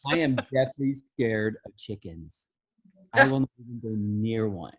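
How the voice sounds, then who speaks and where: Excitable husky man telling stories. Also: lowish voice, measured pace. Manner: excitable, animated storytelling. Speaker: guest storyteller. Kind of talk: casual group chat.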